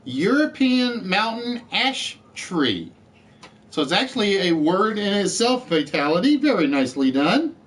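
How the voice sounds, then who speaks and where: A man hosting an online word game show in a chatty, joking way. His voice sits fairly high and moves around a great deal in pitch. He takes his time as he reads out letters and scores to the players. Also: sing-song, unhurried, a bit bright.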